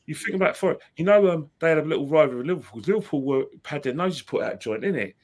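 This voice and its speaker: A man's voice: on the high side, expressive, rapid-fire, darkish tone. A man co-hosting a casual chat, telling football stories in a matter-of-fact way. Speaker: show co-host.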